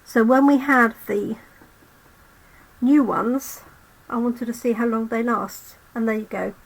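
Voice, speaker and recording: Slow, gravelly-voiced woman crafting live. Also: a little high, steady tone, poor audio. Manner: chatty, talks to viewers while working. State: losing her voice. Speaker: crafting channel host. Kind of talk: live card-making demo.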